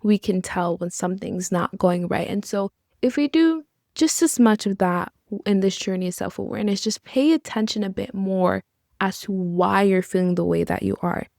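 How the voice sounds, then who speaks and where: A young woman delivers a reflective podcast monologue in an earnest, encouraging tone and slips in casual asides. Her voice has a strong vocal fry. The recording is dry and close, with no room echo. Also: medium pitch, moderate pace, a little mellow. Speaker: podcast host.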